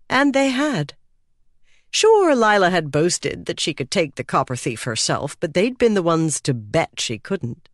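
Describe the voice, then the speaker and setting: An audiobook narrator taking the prose slowly and deliberately, with a lively, wide-ranging pitch. The voice sits close and dry, with no room sound around it. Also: no echo. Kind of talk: scripted narration.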